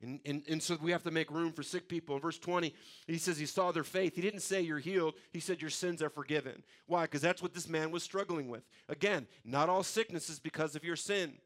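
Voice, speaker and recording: A man's voice: fairly high pitch, fairly quick, a bit bright. Man preaching a conversational sermon. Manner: repetitive restarts, conversational preaching. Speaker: pastor.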